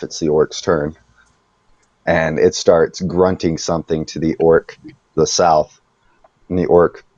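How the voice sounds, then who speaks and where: A man narrating a tabletop game as game master in a relaxed, chatty way with fillers. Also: low-pitched, no echo, muffled recording.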